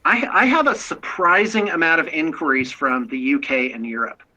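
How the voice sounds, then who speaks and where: This is an American man chatting as a guest, talkative and keen to sell his studio. His voice is strikingly bright and rides somewhat high. He often backs up and restarts mid-sentence. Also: big pitch swings, normal speed, muffled recording. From United States. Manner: talkative, self-promoting, frequent restarts. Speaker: guest, painting studio owner. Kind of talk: casual chat.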